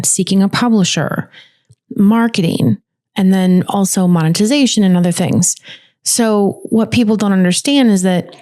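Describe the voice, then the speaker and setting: Female podcast co-host, mid-pitched, lively and talkative, casual chat. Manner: lively, talkative, explains at length.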